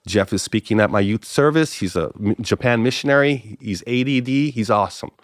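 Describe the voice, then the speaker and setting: A middle-aged man from the Big Island of Hawaii, a pastor telling stories as a podcast guest, acting out conversations with big jumps in pitch. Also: a little fast, dry recording, clean studio sound. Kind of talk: casual storytelling interview.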